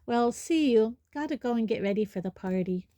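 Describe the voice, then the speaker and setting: A woman's voice: on the high side, lively intonation, fairly quick, warm tone, no room sound, clean studio sound, lightly acted. A woman reading a storybook, voicing a clever teenage schoolgirl with a sweet, pointed manner. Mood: sweetly pointed.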